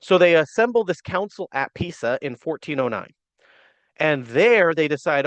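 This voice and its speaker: A man's voice: a little high, moderate pace, no room sound. Wry man explaining church history. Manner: conversational and wry, laughing, acting out quoted figures in a lively way. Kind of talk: casual explanatory lecture.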